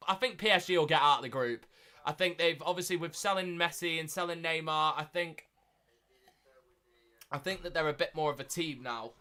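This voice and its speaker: A young man hosting a live watchalong stream, chatting casually and repeating himself, getting loud and excited at big moments. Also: on the high side, a little fast. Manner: excitable, repeats phrases, shouts when thrilled.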